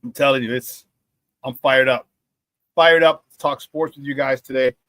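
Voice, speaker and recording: A man hosting a live-streamed sports talk show, reading viewer chat in an excitable, hyped way, laughing often and using slang. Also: medium pitch, normal speed, no room sound.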